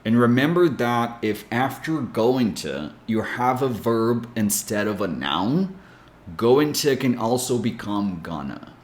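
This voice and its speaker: A man teaching English pronunciation, giving clear, deliberate explanations and spelling out sounds. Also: medium pitch, expressive. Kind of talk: scripted lesson explanation. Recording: echoey room.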